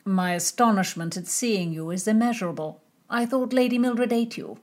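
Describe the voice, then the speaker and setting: A woman's voice: medium pitch, normal speed, pitched above the performer's own voice, natural voice. A woman voicing an arrogant, mocking young nobleman in a storybook reading. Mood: haughty.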